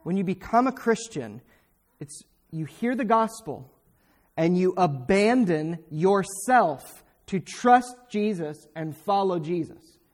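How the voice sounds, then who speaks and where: A male preacher delivers a fervent sermon. He speaks directly to his listeners, and his voice rises into sharp, emphatic bursts on the points he stresses most. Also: high-pitched, lively intonation, takes it slowly.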